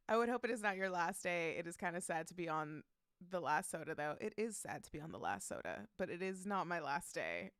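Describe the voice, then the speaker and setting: A woman's voice: lowish voice, very animated, moderate pace, a bit bright, clean tone, no echo, clean studio sound. A woman streaming live, chatting casually, reading out chat messages and greeting viewers by name, laughing often.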